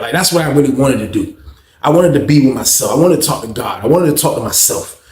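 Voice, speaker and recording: A man's voice: mid-range voice, fast. Man telling a profane story, roomy sound. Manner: animated, profane, addresses listeners directly. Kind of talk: casual storytelling.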